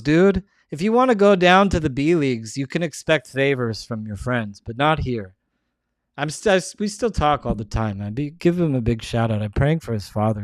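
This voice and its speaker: A man's voice: on the high side, dry recording. A man hosting his show, talking in a casual, rambling monologue full of restarts. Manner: rambling, restarts often, many "like"s. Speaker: show host.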